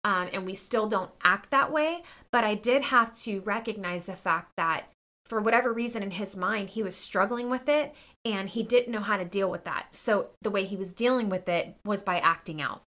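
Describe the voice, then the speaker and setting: Bright-voiced chatty woman host. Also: mid-range voice, normal speed. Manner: chatty storytelling with fillers and quoted dialogue. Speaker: podcast host. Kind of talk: casual personal talk to listeners.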